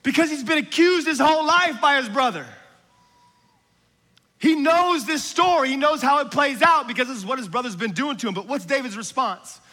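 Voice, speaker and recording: High-voiced impassioned male preacher. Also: normal speed, big-room sound. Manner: impassioned, rises to shouts at key lines. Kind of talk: sermon.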